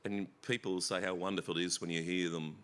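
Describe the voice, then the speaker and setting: A middle-aged Australian man speaking as a guest in an onstage conversation, animated and self-deprecating, often stammering and restarting. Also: deep voice, fairly quick, smooth. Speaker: festival guest actor. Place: festival stage.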